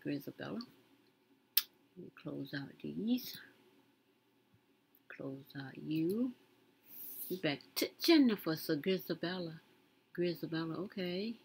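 A woman's voice: low-pitched, vocal fry, darkish tone, slightly rough, rough recording. A woman, casually commenting on a news story as she browses, muttering to herself and reading aloud with emphasis. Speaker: content creator reading news.

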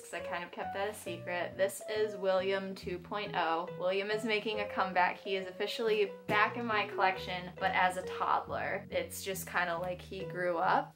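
A young woman vlogger chatting casually through an unboxing, gushing with excited squeals and gasps. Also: fairly low pitch.

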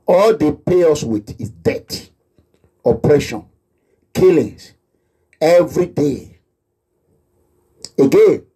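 Slow, husky man addressing listeners. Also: a little high, darkish tone, poor audio. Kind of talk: impassioned address.

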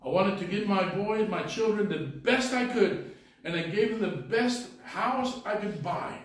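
A man's voice: on the high side, slow pace. A man voicing a bitter, lonely old man in his eighties who talks in a shaky, raised, pleading way. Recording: echoey church from far off.

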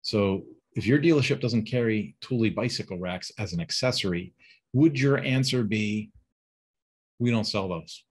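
Husky-voiced man coaching. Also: on the low side, moderate pace. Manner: direct, coaching, asks rhetorical questions; acts out phone calls in quoted voices. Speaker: sales and service trainer. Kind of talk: webinar instruction.

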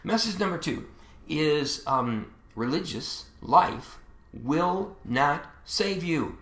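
Man, pastor, sermon, higher pitch, echoey room, emphatic scripture reading. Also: expressive, slow pace, a bit bright. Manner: reads scripture aloud with rising emphasis; explanatory, with fillers and restarts.

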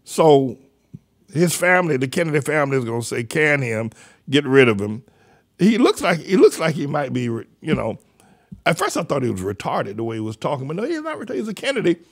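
An older man with a medium-pitched voice and some vocal fry hosts a radio talk show. His political commentary is rambling, mocking and sardonic, often trailing off and starting over mid-sentence.

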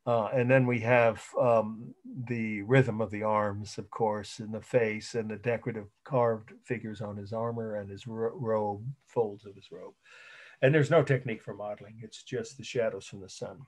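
A man's voice: on the low side, steady tone, moderate pace, a little mellow. A middle-aged man giving a college art history lecture, rambling and correcting himself, spelling out terms letter by letter. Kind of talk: recorded online lecture.

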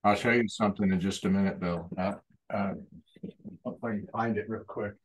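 A man's voice: on the low side, steady tone, normal speed. A man chatting casually on a video call while painting, rambling and correcting himself. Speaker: artist painting during a group session.

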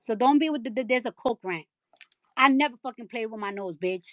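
Heated high-voiced woman ranting. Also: expressive, a little fast, fairly bright tone, no room sound. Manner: heated, profane, repeats lines for emphasis. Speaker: rapper hosting a live audio chat room. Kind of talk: angry live-stream rant.

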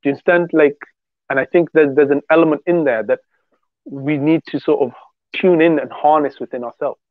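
A man's voice: a little high, brisk, no echo. Man on a tinny, dry phone-like line. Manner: rambling storyteller with many restarts. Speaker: podcast co-host. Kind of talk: casual religious discussion.

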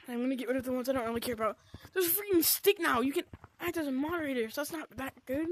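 Woman, very high voice, lively swooping pitch, excitable gameplay commentary, gushing. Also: rapid-fire. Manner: excitable, gushing, prone to squealing; says "oh my gosh" and "dude" constantly. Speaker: gaming video creator.

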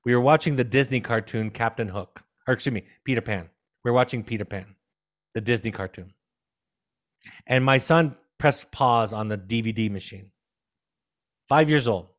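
A man in his fifties, a parenting expert, telling a gentle, reflective story during a video call Q&A. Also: mid-range voice, moderate pace, pauses often. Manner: reflective, gentle, with frequent restarts. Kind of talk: storytelling answer in a Q&A.

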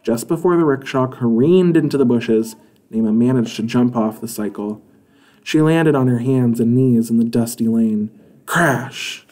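Man, storybook reading, expressive, measured. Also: mid-range voice. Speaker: storybook reader. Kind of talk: reading a children's chapter book aloud.

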